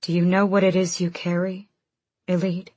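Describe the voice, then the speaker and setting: A woman's voice: lowish voice, level tone, normal speed, a little mellow, breathy edge, no echo. A woman voicing a weary, haunted young king.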